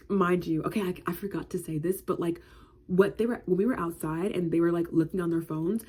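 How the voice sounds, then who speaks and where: Woman in her 20s, casual storytime, slangy filler-heavy chatter, mellow husky low voice.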